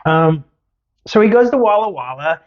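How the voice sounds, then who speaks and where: A man's voice: on the high side, expressive, normal speed, lo-fi sound. A man hosting a podcast, telling a story in a casual, teasing way. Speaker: podcast host.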